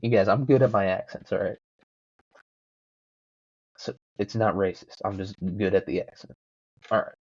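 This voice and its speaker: A man's voice: fairly low pitch, normal speed, long pauses, a little mellow, no echo, lo-fi sound. A young man hosting a solo podcast, rambling casually with lots of swearing and self-mocking jokes. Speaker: podcast host.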